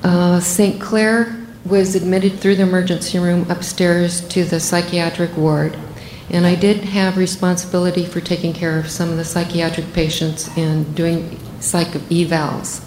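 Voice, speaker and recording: An older woman, a physician, telling a first-person story in a measured, matter-of-fact way. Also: fairly low pitch, little pitch movement, darkish tone, reverberant, slight background noise, rough recording.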